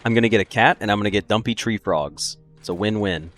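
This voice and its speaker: Brief: young male streamer, low voice, loose jokey commentary, chats with viewers. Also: quick pace, fairly bright tone, soft background music. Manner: joking, laughs often, reacts to chat. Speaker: gaming streamer. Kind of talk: casual let's-play commentary.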